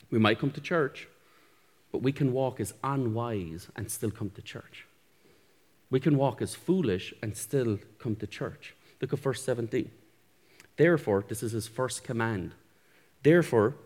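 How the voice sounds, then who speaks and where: A man's voice: lowish voice, darkish tone. Conversational male pastor in an echoey hall. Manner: conversational, self-deprecating, chuckles often. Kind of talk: sermon.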